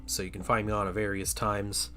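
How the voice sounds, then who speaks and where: A man's voice: lowish voice, level tone, brisk, pushed and bright, slight background noise. Tired, rambling man chatting on a livestream. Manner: rambling and chatty, many restarts and fillers. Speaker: livestream host painting miniatures. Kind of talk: casual livestream chat.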